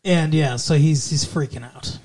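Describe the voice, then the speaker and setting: A man co-hosting a podcast in casual chat, animated and slipping into the characters' lines as he retells scenes. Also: a little high, moderate pace. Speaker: podcast co-host. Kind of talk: casual movie-review chat.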